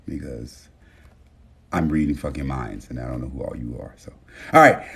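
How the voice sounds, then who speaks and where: Very deep-voiced man chatting on a livestream. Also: husky. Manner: loose, profane, addresses viewers as y'all; reads viewer names with warm affirmations. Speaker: livestream host. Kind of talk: casual livestream chat.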